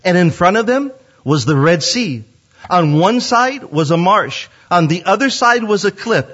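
A middle-aged man preaching a sermon, retelling scripture with animated storytelling and acted-out quotes. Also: a little high, slightly rough. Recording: dull lo-fi sound.

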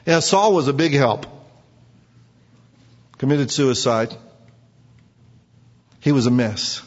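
A man's voice: medium pitch, animated, slow. A man preaching a sermon who quizzes the congregation and acts out quotes. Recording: dull recording with long hall reverb.

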